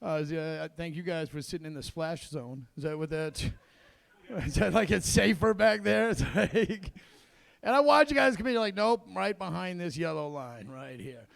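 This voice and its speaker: Gravelly high-voiced stand-up comedian. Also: male voice, normal speed, fairly bright tone, no room sound. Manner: crude, rambling, acts out quotes. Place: comedy club stage in a casino.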